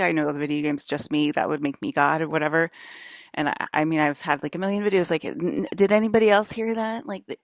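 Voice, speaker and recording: A woman's voice: low voice, fairly bright tone, no room sound, clean studio sound. A woman vlogging in a casual, rambling monologue, filling every phrase with "like" and restarting her sentences. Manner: rambling, heavy use of "like", frequent restarts.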